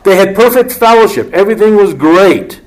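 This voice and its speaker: A man's voice: high voice, expressive, normal speed. A man giving a conversational, joking Bible teaching with asides.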